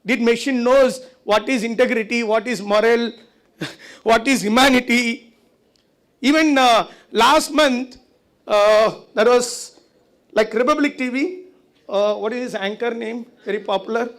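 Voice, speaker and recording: High-voiced man lecturing a conference hall. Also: measured pace, fairly bright tone. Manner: conversational, asks the audience rhetorical questions. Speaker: conference speaker.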